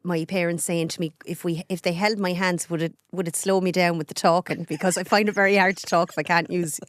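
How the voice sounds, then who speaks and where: A woman in her forties from Ireland, with a Carlow accent, appears as a guest on a casual podcast interview; she's a journalist and radio presenter. Her lowish voice has fairly even intonation, and she's chatty, talking fast with her hands. The audio is studio quality with no echo.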